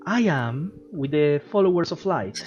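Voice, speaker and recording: A man's voice: normal speed, natural voice. A man voicing an eager gnome cleric who pushily recruits travellers to his temple. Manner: high, pushy and excited. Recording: dull lo-fi with music behind.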